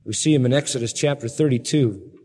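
A man's voice: medium pitch, a little fast, breathy edge, long reverb tail. A man preaching a sermon, retelling Bible stories dramatically and acting out quotes. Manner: animated, dramatic Bible storytelling with voiced quotes.

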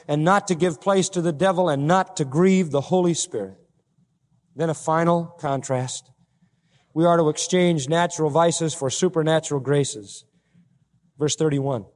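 A pastor preaching a sermon, swinging between loud emphatic peaks and quiet low asides. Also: male voice, long reverb tail.

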